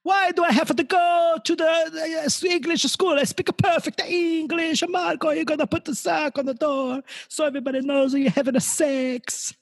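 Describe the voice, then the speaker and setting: A man voicing a blustering, homophobic old Italian immigrant father, in a cartoonish Italian accent with a high, loud voice. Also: fairly even intonation, normal speed, vocal fry, hardly any pauses. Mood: indignant. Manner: over-the-top, shouting.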